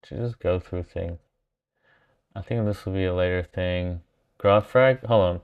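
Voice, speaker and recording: Low, smooth-voiced man streaming casually. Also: fairly even intonation, unhurried, narrow, tinny audio. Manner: thinking aloud, reacting as he tries things. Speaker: livestream host testing software. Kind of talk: casual live-stream commentary.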